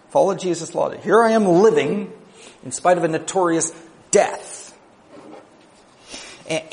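A man gives a sermon, dropping into quiet, low asides and then rising into emphatic proclamations, frequently adding a conversational "right?"

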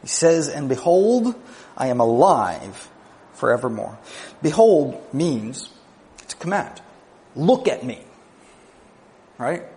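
A man preaching a sermon, moving between quiet, low asides and raised, emphatic declarations, with conversational "right?" asides. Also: big pitch swings, slow, pauses often.

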